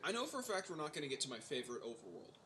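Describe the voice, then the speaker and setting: Lively, teasing young gamer guy. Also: a little high, racing. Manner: loud, teasing, bursts of laughter. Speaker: let's-play gamer. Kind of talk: casual gaming banter. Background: game music.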